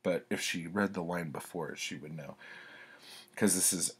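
A man's voice: deep voice, normal speed, fairly bright tone, a little hiss or hum. A man reading his old childhood poems aloud and commenting on them in a wry, self-mocking way.

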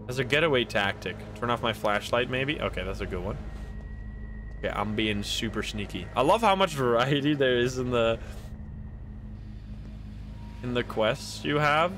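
A man's voice: mid-range voice, bright, forceful tone. A man streaming himself playing a video game, narrating his moves with swearing, laughs and sudden outbursts. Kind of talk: casual gameplay commentary.

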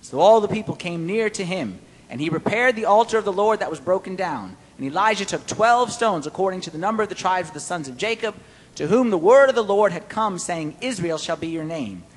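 A man preaching a sermon-style Bible study, animated and playful, quizzing his listeners. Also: sits high, a little fast, big-room sound.

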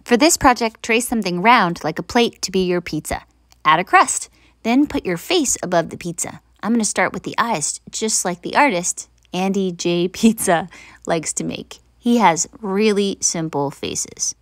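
A woman's voice: mid-range voice, lively intonation, moderate pace, dry recording. A woman art teacher giving plain, friendly step-by-step drawing instructions.

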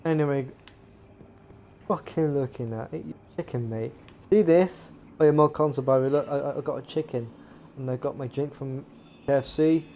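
A man's voice: mid-range voice, normal speed, dark tone, slight background noise. A young man casually commenting on his gameplay as a gaming YouTuber, chatty and swearing now and then. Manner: chatty, swears, jokey asides.

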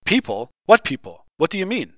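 A man reading aloud voices a refined, proud young woman who drawls softly and turns crisp when annoyed. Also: high-pitched, wildly swooping pitch, fairly quick, dry recording, clean studio sound, pitched above the performer's own voice, full character voice. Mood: drawling, puzzled.

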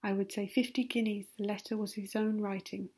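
A woman voicing a charming, sardonic young gentleman who talks in a mocking, confiding way, in a whispered role-play. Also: mid-range voice, flat delivery, a little fast, husky, natural voice.

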